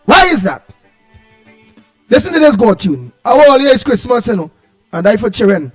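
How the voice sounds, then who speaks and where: A Trinidadian man co-hosting a live show, calling out greetings to viewers in an animated, half-singing way. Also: extremely high pitch, moderate pace, dry recording. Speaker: co-host. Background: music playing.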